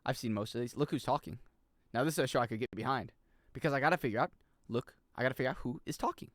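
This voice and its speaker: A man's voice: medium pitch, very fast, dry recording, studio quality. A young adult man streaming a game in casual chat, rambling, swearing and laughing as he plays.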